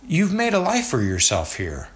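A man's voice: fairly high pitch, huge pitch swings, moderate pace, fairly bright tone, pitched above the performer's own voice. A man voicing an inquisitive old friend who asks question after question in a storybook reading. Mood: curious. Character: curious, warm male old friend, adult. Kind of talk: acted dialogue in a storybook reading.

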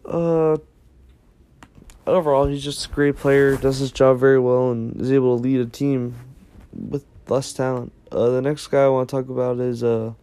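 A young man talks through his opinions in a relaxed, unscripted vlog. His voice is mellow and dark in tone, and he rambles, restarts and corrects himself as he goes. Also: mid-range voice, normal speed, clear, resonant tone. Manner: rambling, self-correcting, thinks aloud. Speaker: basketball ranking vlogger. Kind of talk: casual unscripted commentary.

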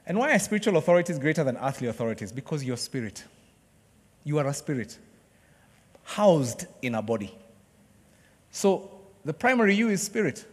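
A man preaching a sermon in a conversational way, joking with the congregation and bursting into excited cheering. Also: fairly high pitch, long reverb tail.

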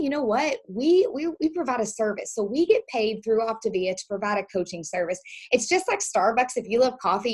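Woman coach, upbeat trainer energy, breathy edge. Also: mid-range voice. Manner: upbeat, acts out quoted lines. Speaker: health coach presenter.

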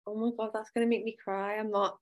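A woman's voice: mid-range voice, level tone. A woman hosting a podcast, chatting casually and reacting with encouragement. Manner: warmly encouraging, quick reactions. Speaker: podcast host.

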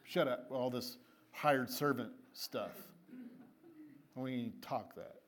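A preacher does a fond father who hushes his son and brushes the apology aside. The delivery is low, easy and offhand. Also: slow, close to an everyday voice. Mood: dismissive. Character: casual, dismissive loving father.

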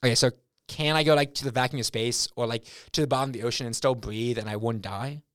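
A young man co-hosting a podcast in casual chat, joking in a deadpan, mock-serious way. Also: medium pitch, fast talker, clear, resonant tone, no room sound, clean studio sound. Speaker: podcast co-host.

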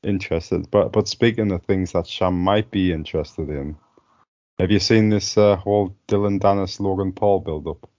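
A man's voice: low voice, moderate pace, a little mellow, no echo, dull audio. A man co-hosting a podcast, chatting casually, joking, laughing often and restarting his sentences. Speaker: podcast co-host. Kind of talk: casual banter.

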